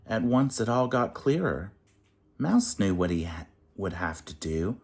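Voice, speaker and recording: A man reading a rhyming children's picture book aloud in an expressive, sing-song way. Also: low voice, slow pace.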